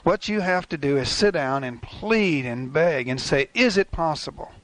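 Folksy older preacher, higher-pitched voice. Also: male voice, expressive, measured pace, fairly bright tone. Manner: folksy, conversational preaching with acted asides. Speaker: pastor. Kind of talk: sermon.

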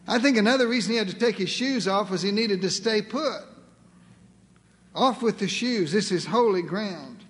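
A man preaching a sermon as pastor, earnest and emphatic, slowing down and repeating key phrases. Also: high-pitched, long reverb tail.

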